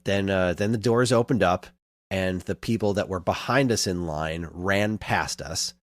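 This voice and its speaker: Man, podcast co-host, low voice, dry close sound, rambling casual storytelling. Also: measured pace, no room sound. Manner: rambling storyteller, animated in retelling.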